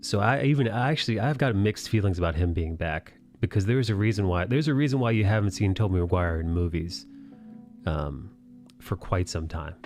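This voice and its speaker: A man's voice: low voice, brisk, a little mellow, faint music behind. A man hosting a live drawing stream, chatting casually and ranting with a lot of swearing and disbelief. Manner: profane, ranting, incredulous.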